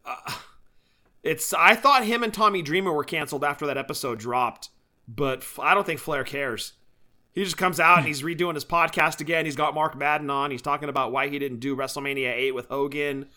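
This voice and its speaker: A man's voice: a little high, a little fast, pushed and bright. A man co-hosting a podcast, chatting casually and enthusiastically about wrestling shows and collectibles. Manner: enthusiastic, chatty, laughs often. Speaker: podcast co-host. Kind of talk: casual chat.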